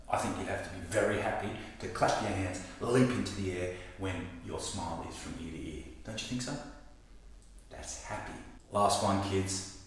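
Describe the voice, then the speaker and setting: A fairly low-voiced man teaches children about writing, talking to them directly and with plenty of animation. He sits a little away from the mic, and the room around him rings with heavy echo. A faint hiss sits under the voice. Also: normal speed. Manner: animated, addresses kids directly. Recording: echoey room, mic at a distance.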